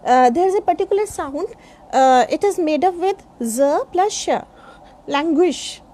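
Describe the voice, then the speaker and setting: A middle-aged woman from India teaching pronunciation, spelling each word out letter by letter in a deliberate way. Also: very high-pitched, warm tone. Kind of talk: pronunciation lesson.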